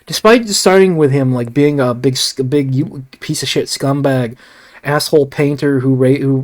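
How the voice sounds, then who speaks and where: Rambling, profane male film reviewer. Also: a little high. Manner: rambling, profane, frequent restarts and asides. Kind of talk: casual solo review ramble.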